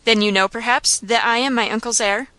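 A woman reading a haughty young gentleman heir. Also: fairly high pitch, steady tone, a little fast, clean tone, dry recording. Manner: haughty and curt.

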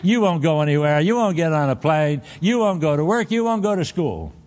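A man voicing God as a sardonic deity calmly laying out a grim plan, in a deadpan, matter-of-fact way. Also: a little high, fairly quick. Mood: wry.

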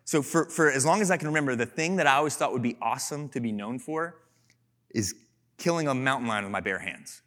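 A man from Texas preaching a sermon as pastor, casual and animated, telling playful stories with humor. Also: mid-range voice, brisk.

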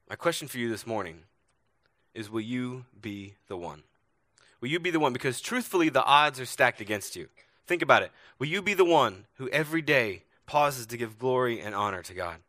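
A man delivers a sermon from a church stage with a bright, forceful tone. He tells stories and asks earnest rhetorical questions, swinging between loud emphasis and hushed moments. The sound is close and dry. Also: medium pitch, dry recording. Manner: earnest storytelling, rhetorical questions, varied loudness. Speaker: pastor.

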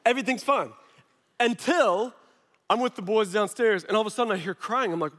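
In a high voice, this thirtyish man delivers a sermon as a pastor, weaving a lively personal story with frequent quick asides. The sound trails off in a long, hall-like reverb.

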